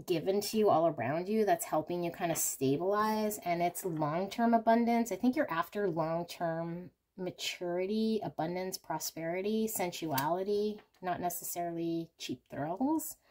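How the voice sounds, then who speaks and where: A woman's voice: lowish voice, mellow. A woman giving a casual pick-a-card reading, talking candidly and thinking aloud. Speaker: tarot card reader.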